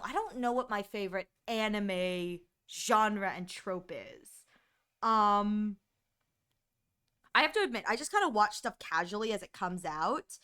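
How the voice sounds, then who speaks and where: A woman's voice: mid-range voice, a bit bright. A woman streamer chatting casually with her viewers, giggling often and acting out quoted voices.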